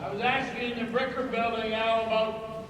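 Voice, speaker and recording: Young male audience member, very high voice, polite halting ask; heard far off in an echoey arena. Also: fairly even intonation, crowd noise. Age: young adult. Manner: polite, slightly halting questioning. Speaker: audience member asking a question.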